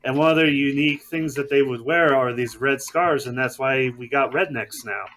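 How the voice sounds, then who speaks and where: A man's voice: mid-range voice, moderate pace, a bit bright. A man from the United States telling a story in a group chat, hedging with fillers and restarts. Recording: faint background noise, mic clicks.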